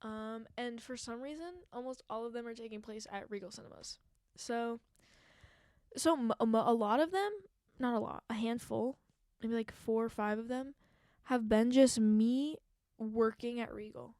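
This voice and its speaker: A woman's voice: fairly high pitch, moderate pace, a little mellow, no room sound. A young woman hosting a solo podcast, chatting casually and rambling with lots of fillers and self-mocking asides into a handheld mic. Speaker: podcast host.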